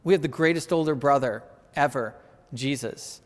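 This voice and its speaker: A man preaching a sermon, animated and conversational, often asking "right?" and building to emphatic peaks. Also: mid-range voice, normal speed, big-room sound. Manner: conversational, asks the audience "right?".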